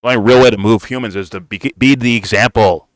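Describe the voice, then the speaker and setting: A man's voice: fairly low pitch, steady tone, fast, dry recording. A man ranting bluntly in reaction to a political video, swearing constantly and calling the listener "bro.". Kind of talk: profane reaction rant.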